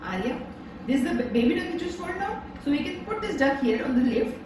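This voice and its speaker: Lively, high-voiced mother teaching toddler. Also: quick pace, music in the background. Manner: patient, repetitive explaining with rising checks. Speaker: mother teaching her daughter. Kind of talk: home science lesson for a toddler. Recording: echoey room, distant mic, background noise.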